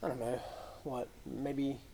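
A man in a relaxed podcast conversation who co-owns a gym. He speaks in a measured, businesslike way, with a few "um"s as he lays out the figures. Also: medium pitch, gravelly, a little hiss or hum. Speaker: gym co-owner, guest. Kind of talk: casual podcast interview.

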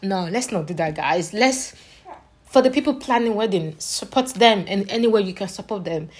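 A young adult woman ranting casually in a vlog, animated and repetitive, laughing between phrases and tired. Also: mid-range voice, moderate pace. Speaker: vlogger.

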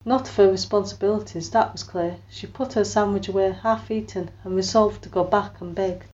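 A woman's voice: medium pitch, brisk, dull audio. A woman narrating a story aloud and giving the people in it voices of their own. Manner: expressive storytelling, lifts her voice for quoted lines. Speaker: audiobook narrator. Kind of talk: scripted narration with character voices.

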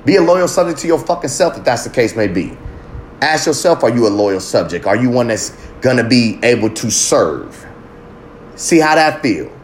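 Very animated and at normal speed, a man with a mid-range voice rants on his podcast, swearing, preaching and hurling pointed questions at the audience. A little background noise can be heard.

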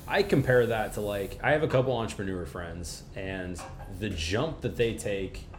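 A man appearing as a podcast guest in casual chat, talking in an energetic, blunt way with casual swearing. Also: moderate pace. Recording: echoey room with faint rumble.

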